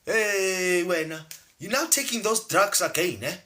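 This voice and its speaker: A man doing a scolding, high-pitched parent. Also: measured pace, bright, forceful tone. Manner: scolding, exasperated.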